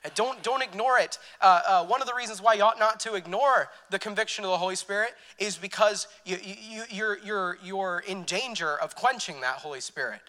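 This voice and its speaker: A man with a high, bright voice preaching a church sermon. He talks in a loose, chatty way, stumbling over fillers and restarting his sentences as he works through a story. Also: a little fast, hardly any pauses, long reverb tail. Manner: conversational, many fillers and restarts, laughs at his own story.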